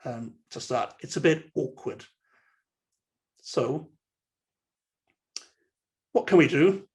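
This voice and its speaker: A man talks through an online lecture in an easygoing, conversational manner. His voice sits in a middle pitch, and he often restarts sentences and fills pauses with ums as he explains. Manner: conversational, with frequent fillers and restarts. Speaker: university lecturer. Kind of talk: online webinar talk.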